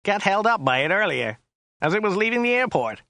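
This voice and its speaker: A man voicing a gruff, grumbling American male cab driver who whines with contempt. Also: high-pitched, very animated, moderate pace, bright, forceful tone, dry recording, studio quality, voice pushed up, full character voice. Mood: disgusted. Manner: whiny, contemptuous, matter-of-fact. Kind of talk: audiobook character voice.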